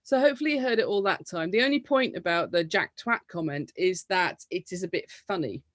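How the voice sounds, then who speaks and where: A woman from the United Kingdom giving an academic lecture, explaining things in a lively way. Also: fairly low pitch, a little fast, no echo.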